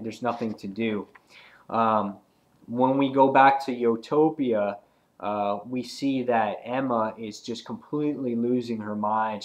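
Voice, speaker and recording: A man's voice: fairly low pitch, a little mellow. Rambling male comic book reviewer. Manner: rambling, filler-heavy retelling with acted quotes. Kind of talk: casual recap of a comic issue.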